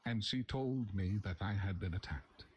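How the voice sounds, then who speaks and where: Young man, fairly low voice, steady horror story narration, faint background noise. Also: normal speed.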